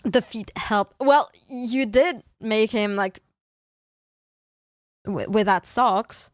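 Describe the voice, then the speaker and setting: A woman's voice: fairly high pitch, very slow, dry recording, clean studio sound. A young woman, streaming in casual chat, playfully teasing her viewers and often restarting her sentences. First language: French. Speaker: VTuber streamer.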